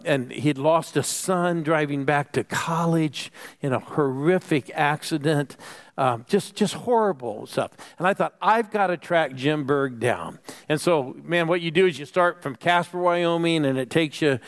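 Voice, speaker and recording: A man preaching a sermon with lots of energy, calling on the congregation to answer back and sometimes dropping to a whisper for emphasis. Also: on the high side. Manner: calls for audience responses. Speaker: pastor.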